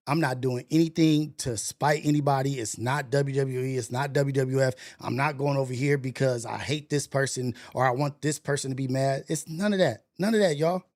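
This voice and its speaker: Forty-something male streamer, animated and gravelly, loose casual chat. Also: high-pitched. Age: 40s. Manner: animated, swearing, laughing, exaggerated reactions. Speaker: livestream host.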